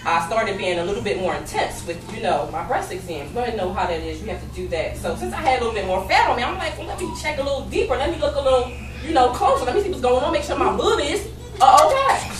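A woman in her thirties performing a profane stand-up comedy set, getting loud and shouty at the punchlines. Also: on the high side, very animated, fast, over music. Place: comedy club stage with a live audience. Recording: echoey room, from far off, audience noise.

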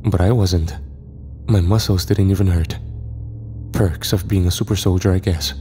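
A man narrating a first-person horror story in a steady, even manner. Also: low voice, moderate pace, a little hiss or hum.

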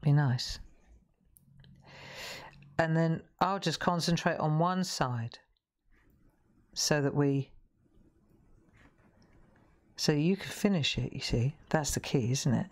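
A woman's voice: low voice, slow pace, long pauses, a little mellow. A woman hosting a live craft show, chatting in a rambling way as she works, often breaking off mid-sentence. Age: 60s. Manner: chatty, rambling, self-interrupting. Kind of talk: live crafting demonstration chat.

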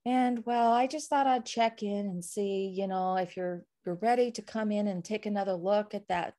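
A woman's voice: mid-range voice, steady tone, normal speed, mellow, close to an everyday voice. A woman voicing a cheery, rambling saleswoman who leaves a meandering, hesitant voicemail about a car. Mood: folksy.

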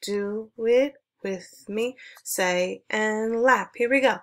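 A woman's voice: mid-range voice, takes it slowly, few pauses, noisy background. Upbeat woman music teacher. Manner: clear, encouraging, leads call-and-response chants. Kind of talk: online music lesson for children.

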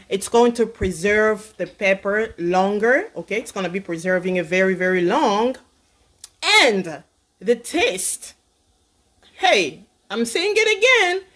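A woman's voice: mid-range voice, low-quality recording. A woman cooking on camera, talking sassily and teasingly to her viewers and calling them honey. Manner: sassy, teasing, calls viewer honey, repeats "okay?". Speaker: cooking vlogger. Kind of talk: casual cooking demonstration. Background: frying sizzle.

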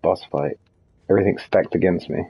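Playing a co-op shooter on stream, this man keeps up casual, sarcastic commentary and curses at the game openly amid party chat. He talks briskly in a low voice with vocal fry, and the muffled recording carries slight background noise.

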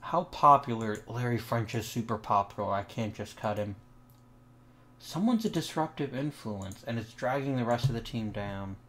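A man's voice: mid-range voice, expressive, normal speed, a bit bright. A young man hosting a let's play of a baseball management game, talking through his choices and sarcastically snapping back at his own virtual players. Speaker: gaming channel host.

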